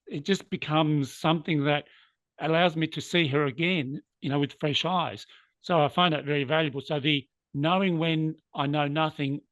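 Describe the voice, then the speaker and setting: A man's voice: a little high, a bit bright, no room sound, lo-fi sound. A man, an interview guest earnestly recounting a personal story, sometimes moved by it. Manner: earnest, moved to emotion at times. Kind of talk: reflective storytelling.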